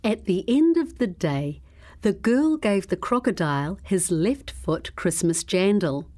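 A woman reading a children's story aloud in a slow, expressive, measured way. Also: medium pitch.

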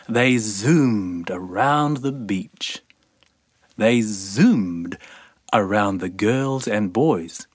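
Picture-book reader, mid-pitched, very slow and expressive, dry close sound. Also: slightly rough, no echo. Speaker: storybook reader. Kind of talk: children's picture book read-aloud.

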